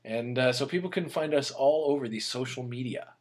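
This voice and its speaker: A man's voice: mid-range voice, a little fast. A young man co-hosting a comedy podcast, bantering casually with a playful, hammy streak. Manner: playful, hammy sing-song intro, relaxed banter. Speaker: podcast co-host.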